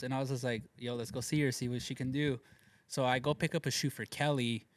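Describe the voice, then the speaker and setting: A man's voice: medium pitch, fast talker, no echo. A man telling street stories in casual chat, acting out quotes with lots of slang and swearing. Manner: animated, acts out quotes, heavy slang and swearing. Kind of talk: casual storytelling. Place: studio.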